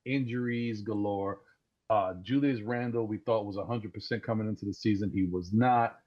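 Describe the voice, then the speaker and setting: A man calling in to a live sports talk show over a voice chat, talking excitedly and rambling, often repeating words as he restarts. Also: on the low side, normal speed. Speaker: caller. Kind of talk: casual call-in sports talk. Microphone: Discord voice call. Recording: dull lo-fi call audio.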